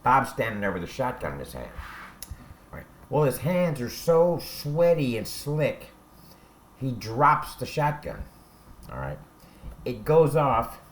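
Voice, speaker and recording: An unhurried man with a medium-pitched, sing-song voice pauses often while telling prison stories from his own time inside, over slight background noise. He's a former prisoner spinning casual yarns, blunt and profane, and he keeps asking "all right?" as he goes.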